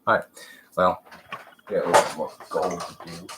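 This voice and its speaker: A man's voice: low voice, fairly even intonation, moderate pace, very noisy. A man with a congested voice hosting a livestream, rambling and muttering as he paints miniatures. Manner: rambling, trailing off and muttering while working. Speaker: livestream host. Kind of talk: casual commentary while painting miniatures.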